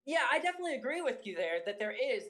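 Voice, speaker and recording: A woman's voice: sits high, sing-song, racing, fairly bright tone, low-quality recording. A woman debating as a guest, hesitating and restarting her sentences as she answers.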